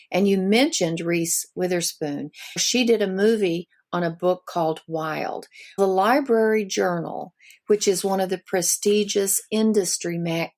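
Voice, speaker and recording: Older Southern woman guest, slow and gravelly, a natural storyteller. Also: medium pitch, darkish tone. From Ozarks of Missouri. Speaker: guest author. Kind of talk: storytelling interview.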